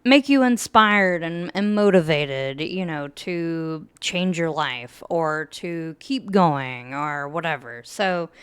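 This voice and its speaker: Slow, soft-spoken woman podcast host. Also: low-pitched, animated, clean tone, no room sound. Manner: slow, soft-spoken, with fillers and nervous laughs. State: emotional, holding back tears. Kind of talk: casual chat with a read-aloud book introduction. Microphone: podcast mic.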